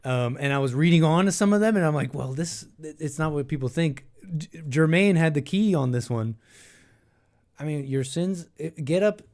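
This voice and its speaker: A young man hosts a call-in show in a voice pitched a little high for a man. He rambles and thinks out loud, restarting his sentences and getting animated as he goes. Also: normal speed. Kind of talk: casual call-in talk.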